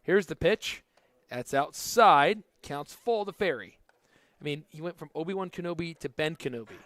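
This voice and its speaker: Man, baseball play-by-play, jokey chat, fairly high voice, dry close sound. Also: lively intonation, normal speed, fairly bright tone, dry recording. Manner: jokey, conversational between pitches. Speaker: play-by-play announcer.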